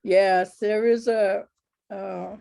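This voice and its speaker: A woman storyteller talks slowly and easily, answering questions from an audience. Her voice has a mellow, darker tone. She is heard through a video call. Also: medium pitch, steady tone, gravelly.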